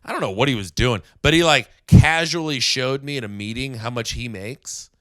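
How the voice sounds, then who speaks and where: A man's voice: medium pitch, normal speed, fairly bright tone, no room sound, clean studio sound. A man co-hosting a podcast in casual chat, joking, swearing and acting out people he quotes. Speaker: podcast co-host.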